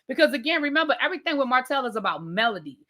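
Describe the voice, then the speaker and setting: Woman host, chatty and emphatic, bright and a touch high, casual live chat with viewers. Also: very animated, very fast. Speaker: livestream host reviewing reality TV.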